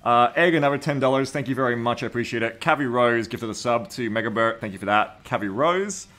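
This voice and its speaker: A man's voice: mid-range voice, fast. A man streaming a game and casually thanking subscribers and donors by name. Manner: thanking donors warmly, reading names. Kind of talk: casual live-stream chat.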